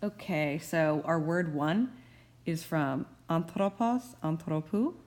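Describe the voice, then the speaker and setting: A woman's voice: deep voice, slow, a little mellow. A woman professor giving a recorded grammar tutorial, explaining rules carefully with playful asides. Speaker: Greek professor.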